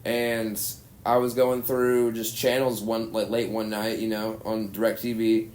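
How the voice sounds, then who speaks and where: A man's voice: on the low side, little pitch movement, slow pace, a little mellow, a little hiss or hum. A young comedian from Arkansas spins a long, rambling story on a podcast. He swears casually and leans on "dude" and "like" as he goes. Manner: rambling, profane, says "dude" a lot. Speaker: stand-up comedian, podcast guest.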